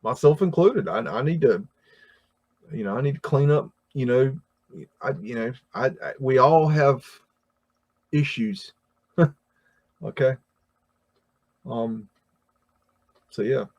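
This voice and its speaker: Over dull audio, an American livestream host with a mid-range, darkish voice responds to chat slowly, leaving long pauses. His casual rambling is thick with fillers and restarts.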